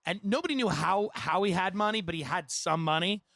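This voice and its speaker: A man hosting a podcast, telling comedic stories in an animated, rambling way and laughing between lines. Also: sits high, a little fast, vocal fry, no echo. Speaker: podcast host. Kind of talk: comedic storytelling.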